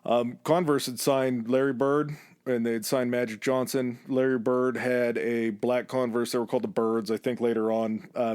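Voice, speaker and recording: A man hosting a podcast, telling a story in a relaxed, casual way and acting out quoted lines with shifts in his voice. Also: medium pitch, smooth, dry recording, clean studio sound. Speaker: podcast host.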